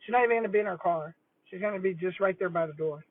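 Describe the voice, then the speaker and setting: A woman's voice: lowish voice, racing. An older woman, a retired school principal chatting casually and rambling on a livestream while eating lunch. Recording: tinny phone-like dry audio.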